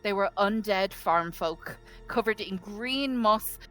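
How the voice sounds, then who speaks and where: A woman's voice: medium pitch, slow pace, faint music behind, poor audio. A woman reading her character's adventure journal aloud to a tabletop group. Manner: nervous at first, then steady reading.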